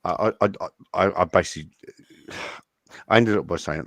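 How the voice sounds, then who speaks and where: A man's voice: low-pitched, normal speed, pauses often, fairly bright tone, no echo. A British man hosting a livestream and chatting casually, rambling and tripping over his words. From Britain. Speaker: livestream host. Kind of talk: casual chat.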